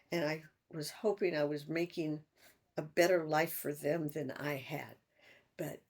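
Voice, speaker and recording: An older woman in a personal vlog, talking in a halting, reflective way with sighs and restarts. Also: low-pitched. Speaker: vlogger.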